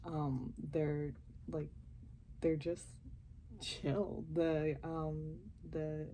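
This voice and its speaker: A young woman chatting casually and softly at home as she reacts to a TV show, often giggling. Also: low voice, level tone, very slow, a little hiss or hum, poor audio. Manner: talking softly and quietly, giggly. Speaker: reaction vlogger. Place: home while family sleeps.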